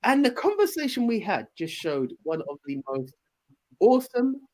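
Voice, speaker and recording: A man's voice: very high-pitched, very animated, moderate pace, a little mellow. A man, hosting a podcast in casual, enthusiastic chat with many fillers and restarts. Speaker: podcast host.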